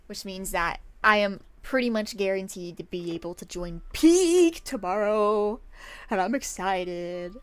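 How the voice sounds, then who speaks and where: A woman streamer chatting casually to her viewers on a work-along stream, bubbly and quick to giggle. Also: lowish voice, steady tone, pushed and bright, dry recording.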